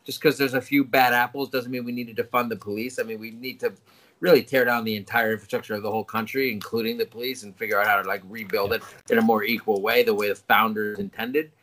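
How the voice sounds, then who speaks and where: A middle-aged man co-hosting a podcast, reading listener comments and joking with dry, deadpan sarcasm. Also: lowish voice, fast talker. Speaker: podcast co-host. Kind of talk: casual podcast chat.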